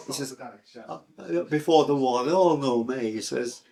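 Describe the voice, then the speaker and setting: An older Englishman with a Sunderland accent tells his life story in an interview, hesitating often and filling his speech with fillers and restarts. His voice is medium in pitch and darkish in tone, and he speaks at a normal speed.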